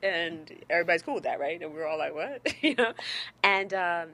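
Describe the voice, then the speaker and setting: A New York woman, a guest performer, tells a story in casual chat, laughing often and acting out what people said in a lively way. Her voice is on the low side and she talks fast.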